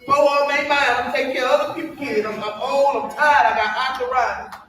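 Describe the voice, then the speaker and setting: A woman's voice: high voice, brisk, a bit bright, a little hiss or hum. A woman comedian playing a weary older single mother who complains over and over about her food stamps. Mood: fed up. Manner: exasperated, repetitive complaining. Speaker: comedian in a sketch. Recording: echoey, distant clip with faint ambience.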